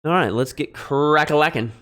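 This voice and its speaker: A man streaming a Greek translation lesson, thinking aloud in a halting way and pausing while he writes notes. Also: fairly high pitch, fairly bright tone. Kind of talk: relaxed live-stream teaching.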